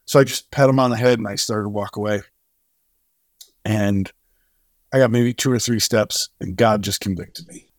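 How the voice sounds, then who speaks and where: Animated storytelling man, dry sound. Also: lowish voice, moderate pace, pauses often, dry recording. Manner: animated storyteller who acts out dialogue. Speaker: charity co-founder and guest; singer-songwriter. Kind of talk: storytelling in a podcast interview.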